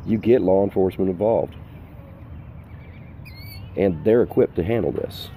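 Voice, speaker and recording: A deep, dark-toned voice belongs to an older full-time RV vlogger speaking unhurriedly outdoors in the sun. He offers casual but emphatic safety advice, going back over his points, and there's slight background noise.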